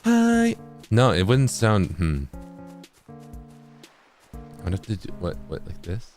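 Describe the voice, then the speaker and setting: A man's voice: low voice, unhurried, soft background music. Laid-back chuckling male streamer. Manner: relaxed, chuckling, sprinkles Japanese phrases, reads chats aloud. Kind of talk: casual game stream chat.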